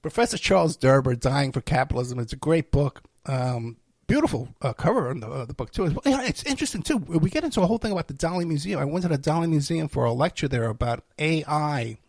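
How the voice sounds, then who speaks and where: Male host, rambling and sarcastic, husky slightly high voice, dry close sound. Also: animated, fast, hardly any pauses, darkish tone, dry recording. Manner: rambling, sarcastic, self-mocking. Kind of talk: casual ranting monologue.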